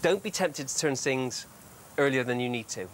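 A man's voice: mid-range voice, expressive, normal speed, slight background noise. A man demonstrating a recipe on a TV show, chatty and full of tips. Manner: chatty, upbeat, giving tips. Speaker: TV chef. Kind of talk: cooking demonstration. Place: TV studio kitchen.

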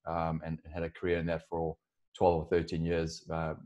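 This South African man in his forties has a bass voice that is a little mellow, with a completely flat delivery at normal speed. He is a software co-founder appearing as a podcast guest, chatting casually about his career in an interview full of restarts and fillers.

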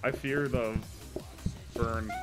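A man's voice: mid-range voice, fairly even intonation, extremely slow, loud music behind the voice. A man playing a cooking game with friends, chatting casually and cracking playful jokes. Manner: joking, playful banter. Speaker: co-player in a streamed game. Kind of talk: casual gaming chat.

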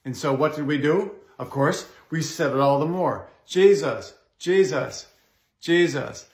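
A man, a Catholic priest and exorcist, giving a pastoral teaching talk in a measured way, pausing often with "uh". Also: on the high side, reverberant. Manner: measured, with frequent "uh" pauses.

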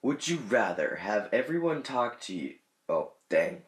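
A man with a low voice chats loosely and jokes as he weighs silly choices. He rambles and trails off into mumbles. The room around him rings with echo. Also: sing-song, a little slow. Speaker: gaming channel host. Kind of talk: casual chat. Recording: echoey room.

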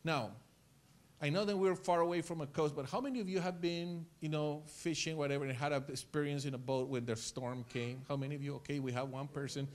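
A male pastor preaching a sermon in church, telling stories with lively acted-out scenes and repeating words as he gets excited. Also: on the high side, a little fast. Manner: animated storytelling, acts out scenes.

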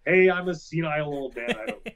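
A man telling animated, self-mocking anecdotes as a guest in a casual interview. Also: high-pitched, brisk, vocal fry, crowd noise.

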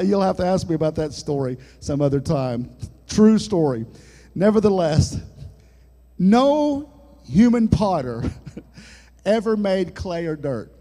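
Male pastor, high voice, unhurried folksy sermon, church echo. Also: big pitch swings, mellow. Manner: folksy preaching with jokes and sudden dramatic drops in volume. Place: church sanctuary. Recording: long church hall reverb.

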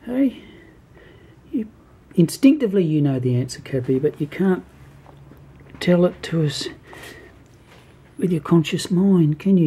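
An older man filming at home, chatting fondly to his cat and slipping into a soft whisper. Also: high voice, animated, unhurried, long pauses, breathy edge. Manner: doting and chatty, drifts between cooing and soft whispering. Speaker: cat owner filming a video. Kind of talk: casual home video, cooing to a pet.

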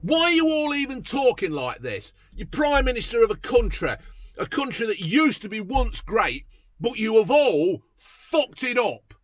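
A man's voice: very high voice, very animated, measured pace, a bit bright, no room sound. A man giving a furious, sweary political rant, mocking and fuming as he talks. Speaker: political vlogger. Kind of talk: profane ranting commentary.

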